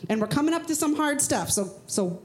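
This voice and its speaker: Woman preaching a lively, conversational sermon. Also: brisk. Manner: conversational and emphatic, with sudden high-pitched rhetorical questions. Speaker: pastor. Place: church.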